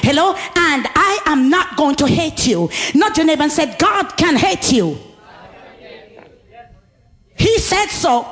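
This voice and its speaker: A woman preacher delivering an exuberant sermon, often shouting, laughing and calling for responses from the congregation. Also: extremely high pitch, big pitch swings, measured pace, faint music behind.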